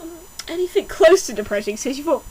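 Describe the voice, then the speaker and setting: High, lively sarcastic woman reader. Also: fast, over a noisy crowd, rough recording. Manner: sarcastic, swaps between dramatic reading and snarky asides. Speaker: fanfiction reader. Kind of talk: comedic mocking read-aloud.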